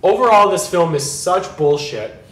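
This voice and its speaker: A man with a notably high voice, a few drinks in, gives a rambling movie review laced with profanity. He talks emphatically and loosely. The recording has a roomy echo. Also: expressive, a little slow, fairly bright tone. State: tipsy. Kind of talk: casual drunken movie review chat.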